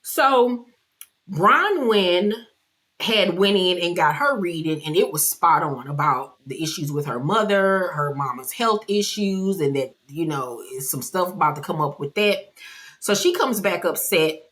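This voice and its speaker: A woman giving a casual recap of a reality TV episode, loud and brash with slang and swearing, often laughing and jumping high in pitch for mock outrage. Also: unhurried. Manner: animated, loud, with frequent laughter.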